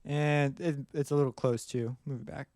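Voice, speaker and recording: A man's voice: medium pitch, steady tone, normal speed. A man teaching music production in a casual, rambling way, often singing rhythms aloud as he explains. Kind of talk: screen-recorded tutorial explanation.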